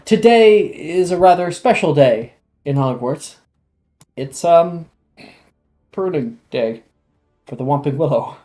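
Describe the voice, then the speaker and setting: A game master voicing a kind, slightly nervous male herbology professor, explaining in a gentle teacherly way. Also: medium pitch, expressive, slow pace, pauses often, soft background music.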